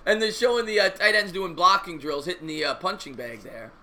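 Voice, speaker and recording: A man's voice: high-pitched, fairly quick, noisy background. A man hosting a live sports stream, joking with callers and reading the chat. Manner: energetic, joking, talks to chat. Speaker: host.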